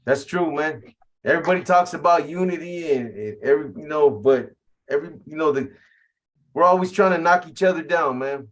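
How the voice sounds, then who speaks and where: A man's voice: a little high, brisk. A man hosting an interview, asking questions casually and chiming in with agreement.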